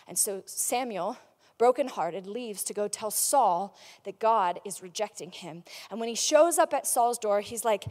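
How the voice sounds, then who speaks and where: A woman pastor preaching a sermon, retelling Bible scenes in a lively, casual way with slang and acted-out dialogue. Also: mid-range voice, a little slow, long reverb tail.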